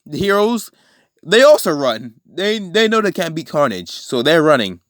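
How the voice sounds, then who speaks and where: A man's voice: on the high side, sing-song, normal speed, a bit bright, no room sound, studio quality. A man casually retelling a fan story, rambling with many fillers and restarts.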